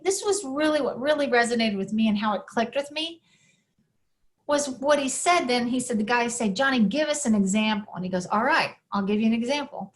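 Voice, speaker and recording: A middle-aged woman telling a family story as a podcast guest, acting out the voices of the people she quotes. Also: high voice. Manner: animated storyteller who acts out quoted voices. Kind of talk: storytelling in an interview.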